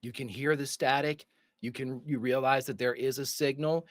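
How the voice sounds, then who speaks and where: A man running a tabletop role-playing game as game master, calmly calling for dice rolls and describing scenes. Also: mid-range voice, normal speed, no room sound.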